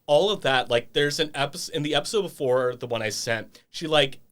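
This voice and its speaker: A young man, a guest on a casual podcast, retelling stories with lively quoted voices. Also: on the high side, a little fast. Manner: animated storytelling with quoted voices.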